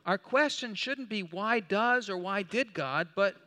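A man's voice: sits high, animated, measured pace, sharp tone. A man teaching a Bible study in a conversational way, asking rhetorical questions and restarting as he looks up verses. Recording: long hall reverb.

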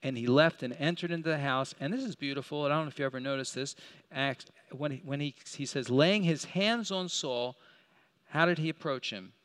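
A man's voice: on the high side, fairly quick, a bit bright. A man teaching a Bible lesson in a sermon style, talking in a conversational way, asking his listeners questions and acting out the lines he quotes.

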